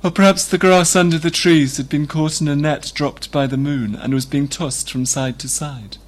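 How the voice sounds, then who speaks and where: Male reader, slightly high-pitched, steady literary narration. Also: moderate pace. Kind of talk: reading a novel aloud.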